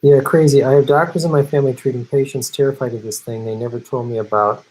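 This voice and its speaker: A man's voice: medium pitch, steady tone, fast talker, a little mellow, poor audio. A middle-aged man hosting a political live stream, reading viewer chats in a blunt, sarcastic, profane way. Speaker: political show host.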